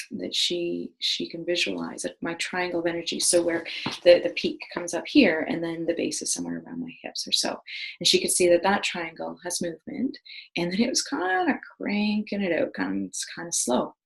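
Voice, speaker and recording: A woman's voice: lowish voice, gravelly, low-quality recording. A middle-aged woman hosting a wellness video, talking earnestly and with enthusiasm, with many fillers and restarts. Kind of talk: casual talk to camera.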